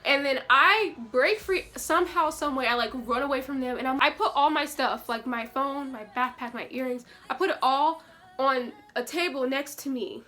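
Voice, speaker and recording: A young woman telling a story in a casual, brash way, swearing freely and animated. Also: high voice, moderate pace. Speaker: vlogger.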